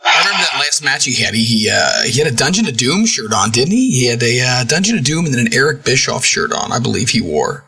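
A man's voice: mid-range voice, big pitch swings, fast, creaky, pushed and bright, breathy edge. A man hosting a casual podcast chat, asking curious follow-up questions.

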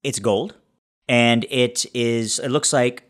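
A man playing a tabletop role-playing game, narrating his character's actions in a halting way with many restarts. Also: mid-range voice, steady tone, a bit bright. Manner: halting, many restarts while describing scenes. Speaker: player.

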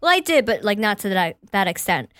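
A woman's voice: medium pitch, very animated, brisk, fairly bright tone, no echo, clean studio sound. A woman in her thirties co-hosting a podcast, chatting in a bubbly, blunt way and swearing freely. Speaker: podcast co-host. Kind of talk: casual chat.

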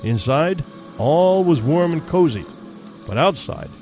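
A man's voice: fairly high pitch, animated, slow, a little mellow, soft background music. Man narrating a ghost story. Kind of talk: audiobook narration.

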